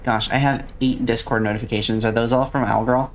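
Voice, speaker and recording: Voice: mid-range voice, fairly quick, slight background noise. A streamer in a casual let's-play, chatting along and reading and answering viewers' messages aloud.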